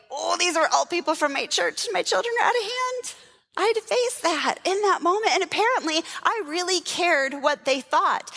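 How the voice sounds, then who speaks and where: A woman children's pastor preaching at a church service, telling a personal story in a lively way, laughing and acting out what people said. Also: high-pitched.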